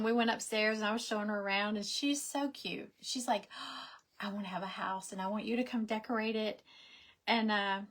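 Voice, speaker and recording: A middle-aged woman, chatting casually and rambling through stories while she crafts on a livestream. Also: brisk. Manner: rambling, animated, acts out quoted voices in a high pitch.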